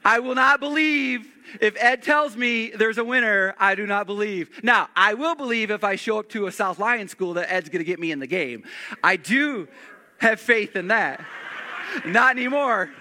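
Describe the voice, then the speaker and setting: A middle-aged man preaches in a high, sharp, very bright voice, animated and prone to restarting and repeating his phrases. He jokes his way through a story from the pulpit. His voice hangs in the long reverb of a large church sanctuary. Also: normal speed. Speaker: pastor. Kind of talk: storytelling sermon.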